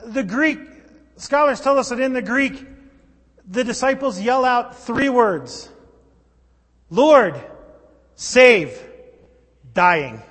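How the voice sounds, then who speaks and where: A man's voice: extremely high pitch, unhurried, a bit bright. A male pastor preaching a sermon in a church, conversational and wry, with sudden emphatic outbursts. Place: church sanctuary. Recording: long reverb of a large church hall.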